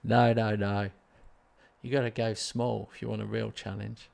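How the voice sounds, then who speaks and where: A man's voice: fairly low pitch, little pitch movement, normal speed, vocal fry, a little mellow. A man hosting a gaming live stream, chatting casually and rambling in a self-mocking way while answering viewers.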